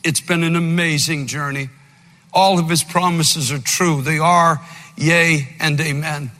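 An older man preaching an impassioned sermon, moving between loud fervent outbursts and low, quiet storytelling. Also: steady tone, a little slow. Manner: fervent preaching, by turns shouting and dropping low, with storytelling asides. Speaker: pastor. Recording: long reverb of a big hall, faint music.

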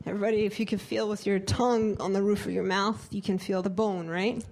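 A woman's voice: medium pitch, flat delivery, fairly quick, darkish tone. A woman who directs a choir, teaching a live group how to sing vowels, asking questions and singing short demonstrations. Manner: interactive, asks the group questions.

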